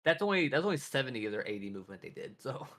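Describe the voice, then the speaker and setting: A man's voice: mid-range voice, big pitch swings, very fast, a bit bright. A man running a tabletop game as game master, chatty and loose, often laughing.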